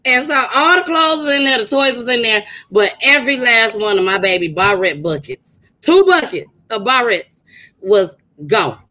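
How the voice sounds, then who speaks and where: A woman co-hosting a podcast, telling stories in a loud, animated way, swearing freely and laughing often. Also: on the high side, normal speed, low-quality recording. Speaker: podcast co-host. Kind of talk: casual chat and storytelling.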